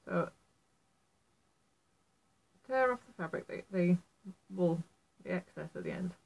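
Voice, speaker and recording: A woman's voice: on the low side, a little slow, vocal fry, darkish tone, low-quality recording. Chatty Yorkshire woman teaching felting. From Yorkshire, England. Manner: chatty and self-deprecating, apologetic asides. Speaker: felt artist teaching a tutorial. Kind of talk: casual how-to tutorial.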